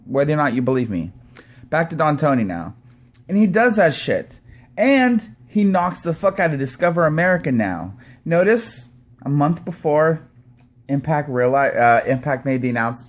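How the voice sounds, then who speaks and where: A man ranting to camera as a commentator, angry, sarcastic and profane. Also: medium pitch. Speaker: YouTube commentator. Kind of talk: profane rant vlog.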